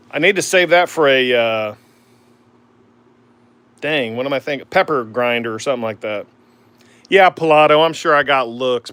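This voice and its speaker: Bright-voiced Oklahoma man chatting casually. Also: mid-range voice, clean tone. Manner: easygoing, rambling, lots of "man" and "uh". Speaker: woodturning livestream host. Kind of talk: casual livestream chat answering viewer comments. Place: home woodworking shop by the lathe.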